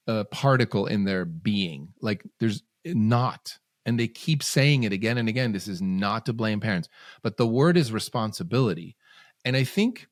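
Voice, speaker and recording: A man's voice: on the low side, no echo, studio quality. A man, a guest parenting coach, talking earnestly in a casual podcast conversation and often repeating words as he gathers his thoughts.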